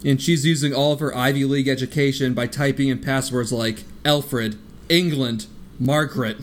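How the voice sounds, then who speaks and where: A man's voice: mid-range voice, fairly even intonation, normal speed. A man co-hosting a casual movie-review podcast, sarcastic and often laughing through his jokes. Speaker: podcast co-host.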